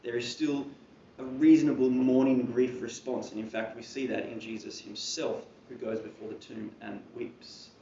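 A man delivers a sermon in a church hall, keeping it conversational with casual asides. His voice sits at an ordinary pitch and sounds set back from the mic, with a dull, muffled tone. A roomy echo and a faint hum of ambience surround him. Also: fairly even intonation, normal speed, vocal fry, dark tone, recorded from a distance. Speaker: preacher.

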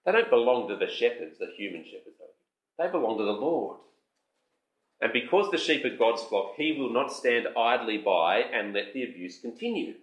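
A man preaching an expository sermon, emphatic, lifting his voice on lists and slowing down when he reads scripture aloud. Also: mid-range voice, lively intonation. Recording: roomy hall sound.

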